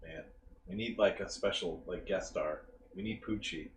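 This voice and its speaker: A man's voice: deep voice, normal speed. A man co-hosting a podcast in a casual chat, rambling and joking as he talks. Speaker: podcast co-host. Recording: roomy echo, faint background noise.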